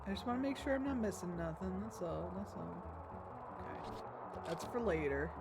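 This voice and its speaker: A woman's voice: fairly low pitch, lively intonation, normal speed, creaky, loud music behind the voice. Chatty woman streaming a game. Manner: chatty and rambling, talking to chat. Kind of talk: casual gaming stream commentary.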